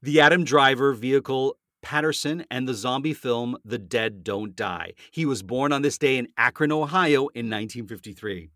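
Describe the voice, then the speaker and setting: A man's voice: mid-range voice, moderate pace, few pauses, fairly bright tone, dry recording. Chatty middle-aged male co-host, dry sound. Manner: friendly, chatty read with personal asides. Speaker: co-host reading celebrity birthdays. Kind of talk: scripted entertainment segment with banter.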